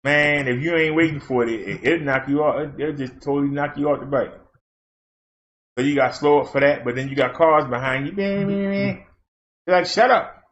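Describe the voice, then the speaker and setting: A man's voice: mid-range voice, steady tone, a little fast, a bit bright. A man, hosting his channel and telling a rambling, folksy story in casual chat, full of fillers. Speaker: channel host. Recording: dull lo-fi sound.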